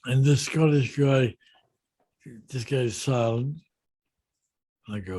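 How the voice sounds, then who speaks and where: A man, a yacht designer in an interview, telling a story in a relaxed, unhurried and self-deprecating way. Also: medium pitch.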